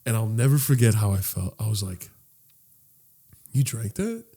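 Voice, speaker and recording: A young man co-hosting a podcast, telling a story in a loose, animated way, swearing freely and jumping high in pitch when he quotes people. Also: normal speed. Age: young adult. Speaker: podcast co-host. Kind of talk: casual storytelling chat.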